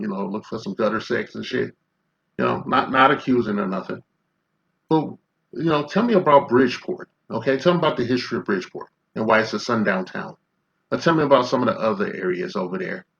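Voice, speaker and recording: Gravelly, confrontational man in his fifties. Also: on the low side, a bit bright, highs cut off. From Chicago. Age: 50s. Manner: confrontational, profane, rhetorical questions. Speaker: commentary vlogger. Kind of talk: ranting commentary.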